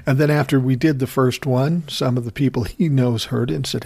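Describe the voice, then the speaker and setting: A man's voice: medium pitch, normal speed, vocal fry, a little mellow, husky. An older man hosting his own podcast, telling rambling, profane stories with self-amused laughs in a casual solo chat. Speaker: podcast host.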